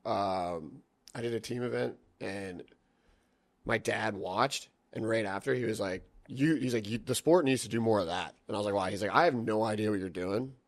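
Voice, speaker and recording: Low-voiced young man telling rambling stories. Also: normal speed. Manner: rambling storytelling, heavy swearing, lots of "like". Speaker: podcast guest, jiu-jitsu athlete. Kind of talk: casual podcast chat.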